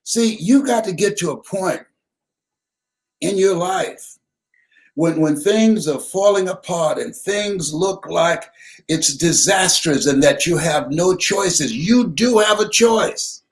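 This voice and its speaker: An older man speaking in a high, lively voice that rises and falls a great deal. He talks slowly and tells stories like a preacher, repeating words and building to shouted punchlines. He takes his time with every phrase. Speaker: motivational speaker. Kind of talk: live motivational talk with storytelling.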